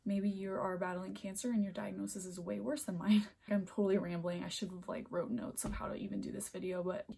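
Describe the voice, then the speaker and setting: Young woman filming herself on her phone at home, teary and rambly, husky gravelly voice, keeps slipping into whispers. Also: mid-range voice, level tone, a little fast, few pauses, dark tone. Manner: earnest, rambling, often breaks into near-whispers. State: emotional, close to tears. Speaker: vlogger. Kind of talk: emotional personal vlog. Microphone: phone camera.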